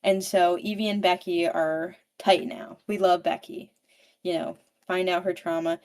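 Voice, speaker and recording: A woman's voice: on the low side, unhurried. Foul-mouthed woman recapping a book. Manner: swears freely, fills speech with "like"; animated storyteller, paraphrasing characters. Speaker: book podcast participant. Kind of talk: casual book recap chat.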